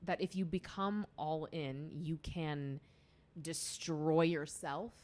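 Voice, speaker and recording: Young woman with a low voice, chatty podcast guest, lots of "like" and restarts. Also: fairly even intonation, takes it slowly, darkish tone. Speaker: podcast guest, music student. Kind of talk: casual chat.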